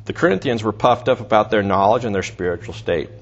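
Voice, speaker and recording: A preacher works through a Bible passage conversationally, restarting thoughts and adding asides. He talks fast in a lowish voice with lively intonation, and the recording is dull and lo-fi with faint noise.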